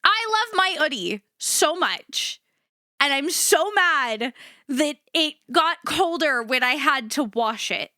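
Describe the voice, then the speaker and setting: A woman's voice: high voice, lively intonation, slow pace, bright, forceful tone, no room sound, clean studio sound. A woman streamer chatting casually, ranting and swearing freely in a jokey, self-mocking way. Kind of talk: casual chat.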